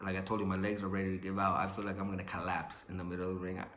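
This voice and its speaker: A man's voice: deep voice, racing, reverberant. A young man telling a story in casual speech, swearing often and acting out sounds and what people said. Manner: swearing, animated, acts out sounds and quotes.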